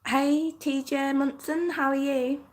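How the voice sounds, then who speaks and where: A young woman from northern England with a softened English accent, chatting casually on a livestream, giggly and full of "like" fillers. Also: sits high, little pitch movement, slow pace. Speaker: livestream host. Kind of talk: casual livestream chat reading comments.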